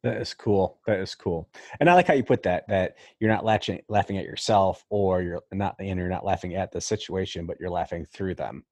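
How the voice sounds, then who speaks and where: A man with a lowish voice hosts a podcast in easygoing chat. He is playful and pokes fun at himself. The sound is close and dry, with no room in it. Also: a little fast, hardly any pauses, darkish tone, no room sound. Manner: playful, self-mocking, puts on silly voices. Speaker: podcast host.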